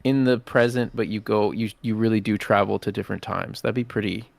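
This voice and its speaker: A man's voice: lowish voice, fairly even intonation, fairly quick, gravelly, dry recording. A man co-hosting a live podcast, chatty and hedging with lots of fillers. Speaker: podcast co-host. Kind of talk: casual live podcast chat.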